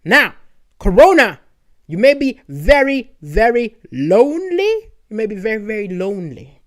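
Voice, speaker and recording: A man with a rather high voice does stand-up comedy over a live stream. He tells stories and answers viewer comments in a chatty manner, rising to excited emphasis on his punchlines. He talks into a streaming microphone. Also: a little slow. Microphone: streaming microphone with adjustable levels.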